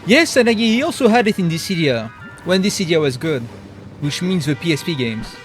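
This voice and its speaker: Animated male streamer. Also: fairly high pitch, moderate pace. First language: French. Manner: offhand, self-mocking. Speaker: game streamer. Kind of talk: casual live-stream commentary. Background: game music.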